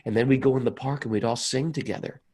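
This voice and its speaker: A man doing an excited street man. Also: medium pitch, quick pace, natural voice. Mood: wistful. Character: excited street man recalling an old friend.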